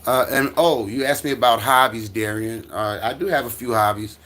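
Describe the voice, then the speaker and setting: A man's voice: medium pitch, normal speed, fairly bright tone. A middle-aged man from the United States hosting a casual livestream from home, answering chat in a rambling way with stammers, restarts and chuckles. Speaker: livestream host reading chat. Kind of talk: casual live-stream chat. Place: at home with his dog.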